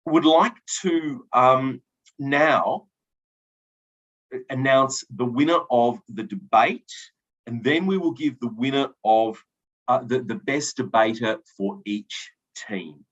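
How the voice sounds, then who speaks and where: A man of middle pitch giving feedback as a debate adjudicator, encouraging and a little halting with many ums. The recording sounds dull and lo-fi. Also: a bit bright. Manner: encouraging, with frequent ums and restarts. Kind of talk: spoken feedback and results announcement. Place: event hall.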